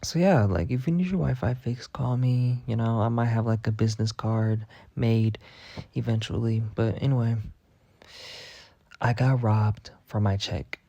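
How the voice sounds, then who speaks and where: A young man telling a rambling, profane story in a casual monologue, packed with filler words and deadpan bragging. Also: mid-range voice, a little slow, gravelly, dry recording, muffled recording. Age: young adult. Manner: rambling, heavy on "like" fillers and swearing. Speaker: vlogger.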